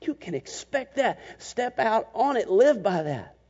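A man preaching a sermon as pastor, animated and emphatic, sometimes slipping into mocking voices to make a point. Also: high voice, a little slow, breathy edge. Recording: muffled, long church reverb.

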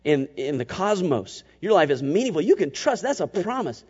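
A man preaching a sermon as pastor, animated and emphatic, sometimes slipping into mocking voices to make a point. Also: fairly high pitch, moderate pace, husky. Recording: muffled, long church reverb.

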